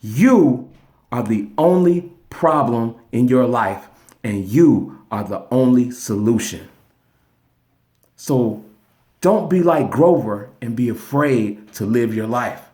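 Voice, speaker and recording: A man's voice: mid-range voice, animated, slow pace, darkish tone. A man telling a story as a lesson in an earnest, casual motivational talk, streamed live from his phone. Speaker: motivational speaker.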